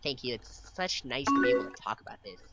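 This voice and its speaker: A man's voice: medium pitch, animated, quick pace, over loud music. A young man giving playful, swearing gameplay commentary, reading chat lines aloud and reacting with mock drama. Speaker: let's play gamer. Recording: loud keyboard typing behind voice.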